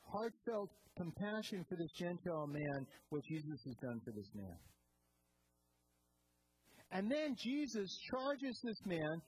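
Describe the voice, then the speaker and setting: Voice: mid-range voice, darkish tone, a little hiss or hum, low-quality recording. Pastor preaching, prodding the congregation. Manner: asks the congregation questions and prompts responses; emphatic, repeats and restarts words. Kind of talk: sermon.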